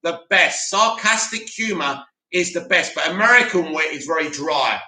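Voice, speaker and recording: Casting: young South London guy, high, very bright voice, animated live-chat host, echoey room. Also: moderate pace. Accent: South London English. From Bromley, England. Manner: animated, banter with chat, swears casually. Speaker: host of a live movie news stream. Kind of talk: casual live-stream chat reading comments.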